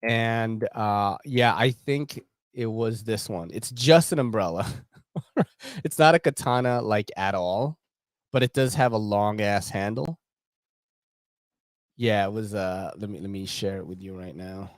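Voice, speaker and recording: A man's voice: fairly low pitch, measured pace, dry recording. A young man hosting a casual livestream chat, slangy and laughing as he tells stories. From Philippines. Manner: slangy, laughing, animated storytelling. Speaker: host.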